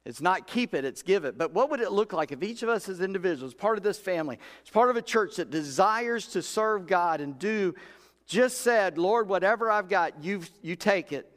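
A man's voice: high-pitched, lively intonation, moderate pace, a bit bright. A man preaching a sermon in a church, telling stories in a folksy way and acting out the voices in his quotes. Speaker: pastor. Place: church sanctuary. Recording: long hall reverb.

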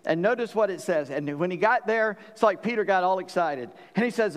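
A man preaching a sermon as pastor, folksy and joking, with bursts of animated storytelling. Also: sits high, fairly quick, few pauses, in a large hall. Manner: folksy, joking, animated when quoting scripture.

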